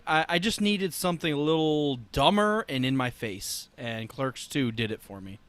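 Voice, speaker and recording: A man's voice: on the high side, moderate pace, fairly bright tone, no echo. A man co-hosting a podcast in casual chat, joking and blunt, with some swearing. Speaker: podcast co-host.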